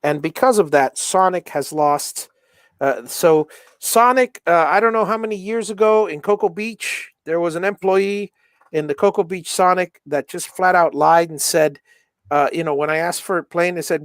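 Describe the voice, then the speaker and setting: A man's voice: high-pitched, normal speed, no echo, studio quality. Rambling middle-aged man hosting a stream. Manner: rambling, self-interrupting storyteller. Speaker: livestream host. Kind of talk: casual chat while soldering.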